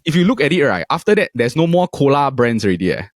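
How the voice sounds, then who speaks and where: A man's voice: mid-range voice, no room sound, studio quality. A man with a Singaporean English accent hosting a casual podcast chat, sprinkling his talk with lah and leh. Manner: lively, quick, uses lah and leh particles. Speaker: podcast host.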